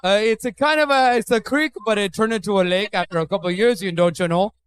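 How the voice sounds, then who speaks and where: A man's voice: high-pitched, fast talker, natural voice. A man putting on a jokey, exaggerated Canadian man who keeps tagging his lines with "eh", drawling for laughs in a live bar podcast. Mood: mock folksy. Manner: drawling, joking.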